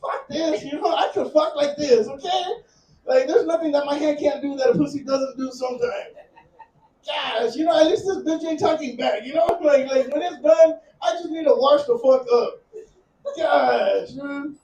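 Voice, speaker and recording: A man's voice: very high voice, moderate pace, a little mellow, echoey room, recorded from a distance, a little hiss or hum, rough recording. A man in his thirties doing a crude, rambling stand-up set, out of breath and laughing at his own jokes. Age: 30s. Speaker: stand-up comic. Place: comedy club stage.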